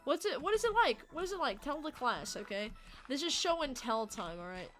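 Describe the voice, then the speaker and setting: A woman's voice: high voice, sing-song, a little fast, fairly bright tone. A young woman livestreaming and chatting casually with her viewers, rambling, joking and swearing freely. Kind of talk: casual chat with stream viewers. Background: faint game music.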